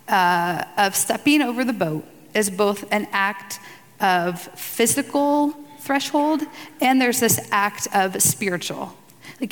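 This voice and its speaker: Brief: woman leading a relaxed devotional talk at a group event, chatty, long hall reverb. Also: mid-range voice. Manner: casual and chatty, with fillers and asides. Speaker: speaker at a church gathering. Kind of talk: conversational devotional talk with scripture reading. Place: room with tables for the group.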